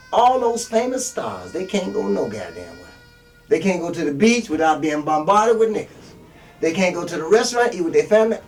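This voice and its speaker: A man's voice: on the high side, darkish tone. A man preaching a blunt, profane street sermon as a self-styled minister, older and talking from long experience. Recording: distant mic with faint music.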